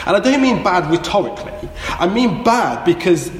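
Guy preaching in a church, earnest, repeats himself, slightly high voice, echoey. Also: big pitch swings, normal speed. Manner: earnest, exhorting, repeats key phrases. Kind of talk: sermon. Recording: echoey church hall, faint noise.

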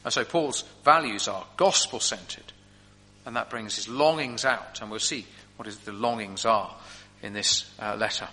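A man preaching a sermon with animated storytelling, in a long hall reverb. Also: lowish voice, a little slow. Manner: animated storytelling, vivid examples.

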